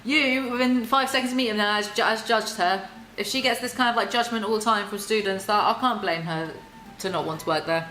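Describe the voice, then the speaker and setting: Woman doing snarky asmr book roast, bright tense voice, kinda echoey room. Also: medium pitch, a little fast, faint music behind. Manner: sarcastic, wry, mocking asides. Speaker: ASMR book commentary host. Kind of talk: soft-spoken ASMR commentary, reading aloud.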